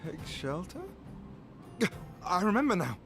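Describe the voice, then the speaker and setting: A man's voice: sits high, very animated, a little slow, vocal fry, fairly bright tone, soft background music, heavily acted. An actor with a British accent playing a weary, sleepy young male miner in a video game, in a drowsy, rambling manner.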